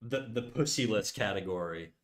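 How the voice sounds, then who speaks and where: A man's voice: lowish voice, animated, normal speed. A young man chatting casually on a live stream, joking crudely and rambling with frequent restarts. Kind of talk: casual livestream chat. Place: home room.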